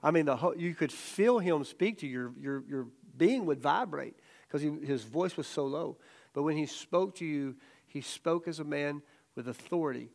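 A middle-aged man leads a Bible study in a casual sermon style. His voice sits a touch high with a gravelly edge, and he tells stories with lively, loud acted-out quotes. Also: moderate pace. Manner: animated storytelling, acts out quotes loudly.

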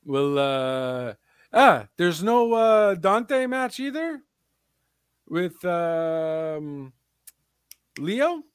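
A man's voice: on the high side, sing-song, very slow, pauses often, smooth, dry recording, clean studio sound. A young man hosting a casual wrestling chat show, rambling with lots of fillers in an upbeat way. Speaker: podcast host.

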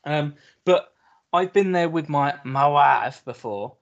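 Wry British man, slightly high voice, lo-fi. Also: animated, slow. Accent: British English. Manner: dry wry humour, swears casually. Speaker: podcast co-host. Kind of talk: casual chat. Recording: dull lo-fi sound.

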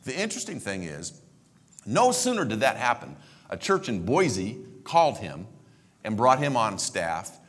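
A man in his sixties, a pastor telling a heartfelt story in a sermon, repeating himself when moved and sinking to a hushed near-whisper. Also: medium pitch, big pitch swings, a little slow.

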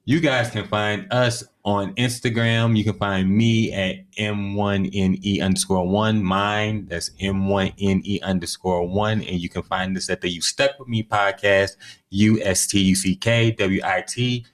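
A man's voice: on the low side, steady tone, a little slow. A man co-hosting a podcast in casual chat, easygoing and chuckling. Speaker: podcast co-host.

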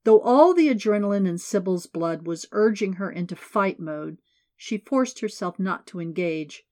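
A woman narrating an audiobook in a measured, steady reading. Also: mid-range voice.

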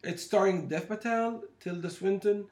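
A man co-hosting a casual movie news chat, animated and laughing often. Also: high voice, normal speed, roomy sound. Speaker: co-host.

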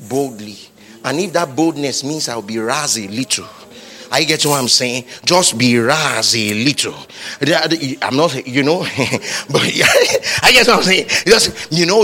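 A man preaching a sermon as pastor, repeating phrases and building to shouted climaxes. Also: on the high side, lively intonation, moderate pace.

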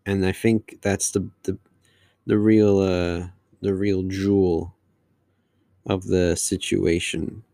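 A man's voice: deep voice, level tone, takes it slowly, gravelly, mellow, dry recording, clean studio sound. A man hosting his podcast alone, talking casually in a long-winded, rambling way. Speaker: podcast host. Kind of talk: casual solo monologue.

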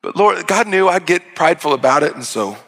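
A man delivering a sermon in a high, bright voice. He tells a story and acts out its characters, often restarting his sentences as he goes. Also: animated, a little fast, gravelly, a little hiss or hum. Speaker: pastor.

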